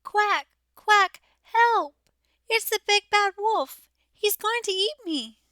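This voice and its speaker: A woman voicing a tiny lost duckling, timid and tearful, with a squeaky, whimpering voice. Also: expressive, slow pace, pushed and bright, no echo, clean studio sound, full character voice. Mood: scared.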